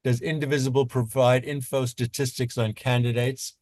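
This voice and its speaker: Halting male moderator, plain mid voice, dry mic. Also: medium pitch, little pitch movement, darkish tone, no echo. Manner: halting, many fillers. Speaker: panel moderator. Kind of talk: casual online panel talk.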